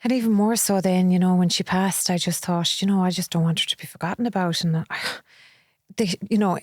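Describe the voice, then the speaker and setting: A middle-aged Irish woman talks through her experiences in a candid, reflective way. Her voice sits a little low for a woman, and the recording is close and dry. She now and then acts out what other people say to her. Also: fairly even intonation, fairly quick, dry recording. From Ireland. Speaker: podcast guest. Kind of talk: conversational interview.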